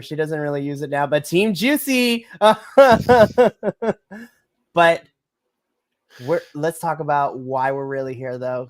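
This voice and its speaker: A woman, co-hosting a wrestling podcast in an excited chat, gushing and bursting into shrieks and laughter. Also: deep voice, clean tone, dry recording. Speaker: podcast co-host. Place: home setup on a live stream call.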